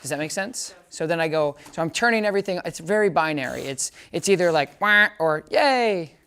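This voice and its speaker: A man's voice: fairly high pitch, fast, clean tone. Chatty male dog trainer. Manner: chatty, keeps checking understanding; bright, upbeat praise commands to the dog. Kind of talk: casual hands-on training demo.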